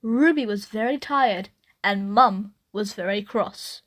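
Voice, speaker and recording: A woman reading a children's picture book aloud with expressive, animated storytelling. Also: mid-range voice, slow pace. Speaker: storybook reader.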